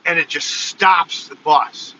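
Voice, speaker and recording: Male vlogger, animated storyteller, bright slightly high voice, dull phone audio. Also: slow pace, a little hiss or hum. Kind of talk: casual storytelling vlog. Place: in a car, then walking outdoors.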